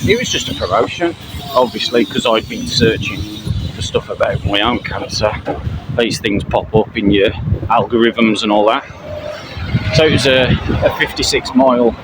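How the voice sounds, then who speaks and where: A middle-aged man from Britain talking to his viewers while out on a walk, halting and full of fillers, out of breath. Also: mid-range voice. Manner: halting, many fillers and restarts. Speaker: camping channel vlogger. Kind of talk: casual spoken update to viewers while walking. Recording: loud outdoor traffic noise.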